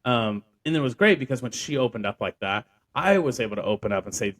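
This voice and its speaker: A man's voice: mid-range voice, animated, fast talker, hardly any pauses, fairly bright tone. A young man hosting a podcast, telling a personal story in a rambling way with lots of fillers and restarts. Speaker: podcast host. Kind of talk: casual storytelling.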